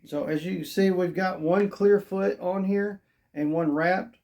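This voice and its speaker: A hoarse toy reviewer who says they are losing their voice, narrating an unboxing in a chatty, rambling way and thinking out loud. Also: medium pitch, steady tone, a little slow.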